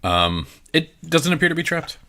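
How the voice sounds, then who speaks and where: A man's voice: on the high side, very animated, normal speed, pushed and bright. A man narrating a tabletop game as game master, in a loose, rambling delivery. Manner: rambling, with many fillers and restarts.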